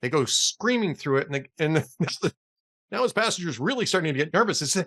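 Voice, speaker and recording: A man's voice: fairly high pitch, big pitch swings, fairly quick, sharp tone. A man hosting a casual political talk show, chatty and often laughing at his own jokes. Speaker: podcast host.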